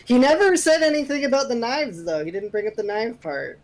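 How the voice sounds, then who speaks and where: A man co-hosting a podcast who cuts in with teasing jokes and quick remarks. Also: very high voice, poor audio. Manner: teasing, joking interjections. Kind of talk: casual chat.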